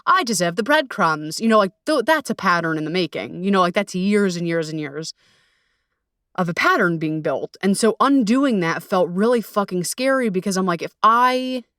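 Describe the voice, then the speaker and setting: A young woman hosting her own podcast as a dating coach, telling stories in a casual, profane, self-mocking way and voicing her past self in lively asides. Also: mid-range voice, dry recording, clean studio sound. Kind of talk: casual solo podcast monologue.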